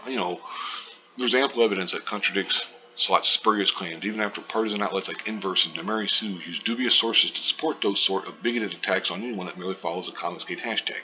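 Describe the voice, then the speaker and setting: Man, very deep voice, sharp tense tone, profane rambling commentary, muffled lo-fi sound. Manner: profane, rambling, many fillers. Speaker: online commentary host. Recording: dull lo-fi with faint hiss.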